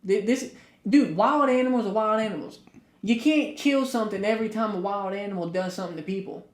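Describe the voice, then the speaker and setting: Animated man in an echoey room. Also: high voice, a little fast. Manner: animated storyteller, rising loud for punchlines. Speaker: podcast co-host. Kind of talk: casual chat.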